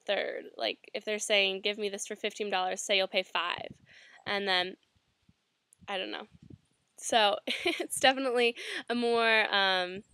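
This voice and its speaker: A woman's voice: medium pitch, creaky, bright, forceful tone, no room sound. A young American woman casually telling a personal story, chatty and full of fillers. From United States. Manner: chatty, many fillers and "like"s, laughs often. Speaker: student sharing a reflection.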